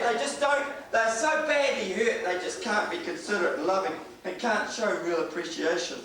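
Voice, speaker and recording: A man's voice: sits high, normal speed, few pauses, a bit bright. A man from New preaching a sermon in a church, earnest and conversational, often restarting his sentences. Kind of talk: sermon with anecdotes. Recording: echoey church hall from far off, faint noise.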